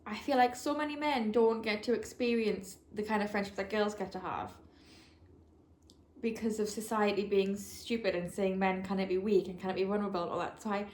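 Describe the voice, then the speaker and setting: A young woman runs a casual reading vlog, talking to camera about her books in a gushing, emotional way and using "like" frequently. Her mid-range voice is steady, brisk, and darkish, captured by a camera mic in a room with echo.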